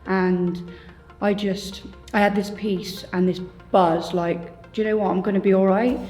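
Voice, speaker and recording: A woman giving an earnest, halting personal testimony, with faint music behind her. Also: medium pitch, little pitch movement, darkish tone. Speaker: church testimony speaker.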